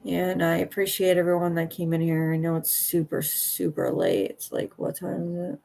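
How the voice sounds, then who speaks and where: A tired woman hosting a late-night livestream, halting and earnest, often trailing off. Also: fairly low pitch, creaky, dark tone. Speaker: livestream host.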